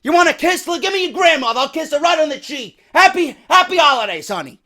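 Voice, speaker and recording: A man in his thirties with a New York accent and a hoarse voice, telling a story as a profane, angry rant with loud bursts. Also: very high-pitched, lively intonation, quick pace. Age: 30s. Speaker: wrestling podcast host.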